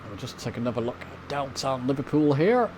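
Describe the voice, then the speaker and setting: A man from the UK talks casually over his flight simulator footage, pointing things out and chatting to his viewers. His voice sits at an ordinary middle pitch. A faint background hiss runs under the desk-mic recording. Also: lively intonation, fairly quick, darkish tone, rough recording. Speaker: flight sim video host. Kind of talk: casual commentary over gameplay.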